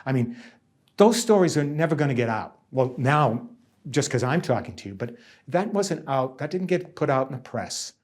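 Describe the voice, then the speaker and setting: A man's voice: medium pitch, expressive, moderate pace, darkish tone. A middle-aged man from central Massachusetts, a nursing union negotiator, giving emphatic interview answers as he tells stories and often repeats himself. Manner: emphatic, repeats himself, voices others' words. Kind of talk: interview answers, reflective storytelling.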